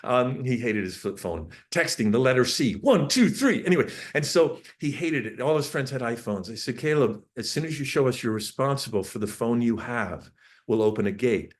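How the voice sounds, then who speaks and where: With a mid-range voice and a fairly quick delivery, this middle-aged man speaks on parenting before an audience. His family anecdotes come alive as he performs the dialogue, hitting lines with abrupt bursts of emphasis.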